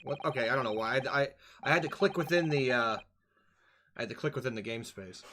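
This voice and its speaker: A man streaming a game, joking and swearing through excitable casual commentary. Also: mid-range voice, fairly quick, noisy background.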